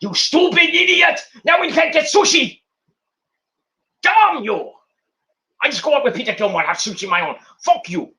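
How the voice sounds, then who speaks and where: A man voicing an angry young woman wrestler, shrill, yelling and swearing. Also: lively intonation, moderate pace, long pauses, exaggerated voice. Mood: furious.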